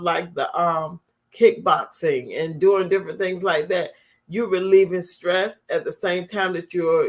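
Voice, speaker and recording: Earnest woman host giving heart-health advice. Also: fairly low pitch. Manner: earnest, repeats her points as direct advice. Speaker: talk show host. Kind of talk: motivational talk to viewers.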